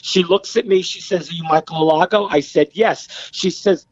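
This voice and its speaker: A man's voice: sits high, moderate pace, few pauses, husky, muffled recording. A middle-aged American man, a podcast guest, telling stories casually and acting out the voices of the people in them. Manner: animated, acts out quoted voices. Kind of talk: casual storytelling.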